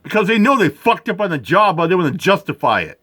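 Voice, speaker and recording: A man's voice: high-pitched, sing-song, fast, sharp tone, breathy edge. A man giving profane, outraged commentary while reacting to news footage.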